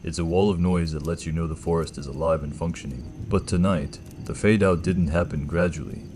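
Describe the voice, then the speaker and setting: Deep-voiced man narrating measured horror. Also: steady tone, darkish tone, faint music behind. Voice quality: slight gravel in the throat. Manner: slow, measured, ominous delivery. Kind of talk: scripted first-person horror narration.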